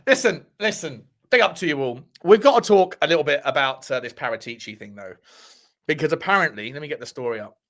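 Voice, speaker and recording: A man hosts a football live stream in a loose, joking way. He swears freely and says many phrases twice. His voice sits on the high side. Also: animated, fast, fairly bright tone. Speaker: football podcast host. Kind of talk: casual live-stream chat.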